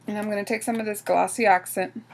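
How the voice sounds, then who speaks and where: A woman's voice: medium pitch, fairly even intonation, fast talker, creaky. A woman with a mid-range voice walks through a craft project step by step. She talks casually while working with her hands, often breaking off and restarting her sentences. Her delivery is informal and practical, like a home tutorial.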